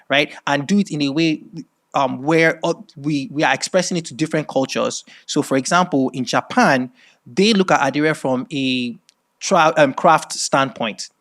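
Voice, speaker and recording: A middle-aged man from Nigeria with a Nigerian accent, giving a masterclass lecture as animated storytelling and often checking in with "right?". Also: medium pitch. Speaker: speaker at a masterclass.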